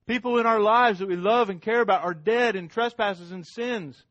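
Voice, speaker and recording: Man, middle-aged pastor, sermon, fairly high voice, emphatic repetition, dry close sound. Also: brisk, hardly any pauses, dry recording, muffled recording. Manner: dramatic swings from loud to hushed, emphatic repetition.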